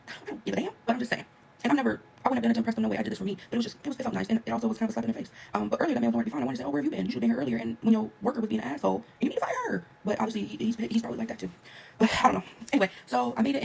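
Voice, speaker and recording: A young woman vlogger telling a story to her viewers in a fast, animated, casual rant. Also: fairly high pitch, vocal fry, slight background noise. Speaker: travel vlogger.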